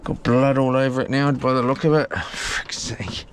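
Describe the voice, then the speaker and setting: A man's voice: medium pitch, flat delivery, moderate pace, a little hiss or hum. A man chatting to himself while tidying his boat on a live stream, rambling and swearing as he goes. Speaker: solo boat vlogger. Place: small houseboat on the water.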